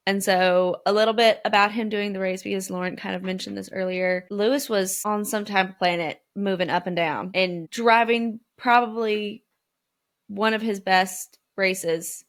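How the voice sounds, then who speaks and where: A woman's voice: mid-range voice, unhurried. A woman co-hosting a podcast, walking through a race in casual chat and acting out quotes with feeling. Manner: animated storyteller, acts out quotes. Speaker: podcast co-host.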